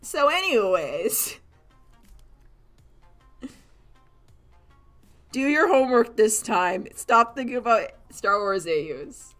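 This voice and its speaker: A woman's voice: on the high side, very animated, takes it slowly, pauses often, a bit bright, faint music behind. A young woman chatting casually on a livestream, sarcastic and giggly, laughing often and acting out quoted voices. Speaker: streamer chatting while drawing.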